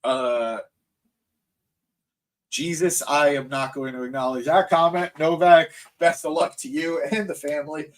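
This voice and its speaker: This is a man running a live recap stream, his voice a touch higher than most men's. He sounds tired and easily distracted, drifting off to react to the chat before finding his thread again. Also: steady tone, normal speed, hardly any pauses. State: tired, voice cracking. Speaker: wrestling show host.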